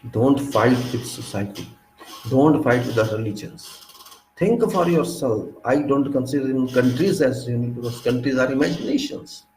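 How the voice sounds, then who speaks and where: A man's voice: normal speed, a little mellow, slight background noise. Emphatic Indian man lecturing, echoey room. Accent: Indian English. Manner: preachy, emphatic, rhetorical questions, sudden pitch jumps. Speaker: speaker of a commentary channel. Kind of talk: lecturing monologue.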